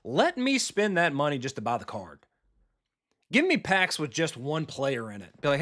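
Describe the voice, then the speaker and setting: A man streaming a football video game live, talking casually and bluntly with his viewers and reacting quickly to the plays. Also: fairly high pitch, huge pitch swings, a bit bright. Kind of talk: live gameplay commentary, chatting with viewers.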